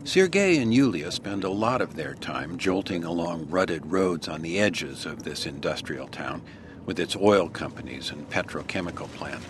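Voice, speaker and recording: A male radio reporter giving measured, descriptive scripted news narration. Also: sits low, animated, noisy background.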